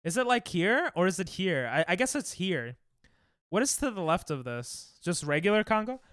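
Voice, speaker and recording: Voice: mid-range voice, sing-song, moderate pace, fairly bright tone, no echo, studio quality. A young adult streamer chatting casually with viewers while playing, reacting to chat and laughing often. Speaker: Twitch streamer.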